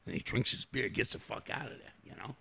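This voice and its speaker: A man with a New York accent, co-hosting a podcast and telling crude bar jokes in a casual, swearing way, his voice gravelly and husky. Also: on the low side, brisk. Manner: crude, drops to a mutter mid-story then laughs loudly at punchlines.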